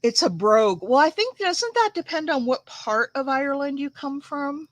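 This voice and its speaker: A woman's voice: high-pitched, animated, normal speed, no room sound. A woman from the United States hosting a crafting livestream, telling a rambling story in a casual, chatty way with many fillers while she works.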